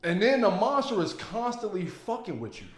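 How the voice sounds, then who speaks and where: A man giving casual, emphatic movie commentary, excitable and full of profanity. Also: high-pitched, normal speed. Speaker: movie reviewer. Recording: roomy echo.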